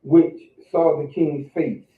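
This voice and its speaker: A man reads Bible verses aloud at a steady, plain pace. He is far from the mic in an echoing room. The sound is narrow and phone-like. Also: a little high, slow. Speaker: class member reading scripture. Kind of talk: reading scripture aloud.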